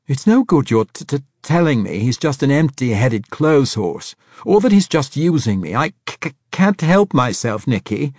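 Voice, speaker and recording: A man's voice: mid-range voice, wildly swooping pitch, a little slow, darkish tone, slightly rough, no room sound, clean studio sound, pitched above the performer's own voice, full character voice. A man reading a novel aloud and voicing a fussy, stammering old bachelor with rattling false teeth, in a fluttery, pleading way.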